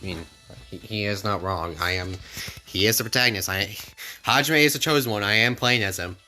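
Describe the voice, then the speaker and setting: A man's voice: on the low side, a little fast, bright, forceful tone, soft background music. A man commenting casually on a game he plays blind, joking and swearing now and then. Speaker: let's play host.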